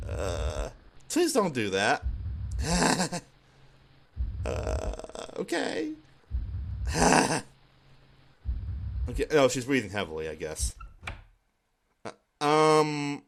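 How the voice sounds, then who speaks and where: A man's voice: fairly high pitch, huge pitch swings, drawn-out words, creaky, long pauses, a bit bright. Wry, chuckling man playing a game. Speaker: game streamer. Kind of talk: let's play commentary.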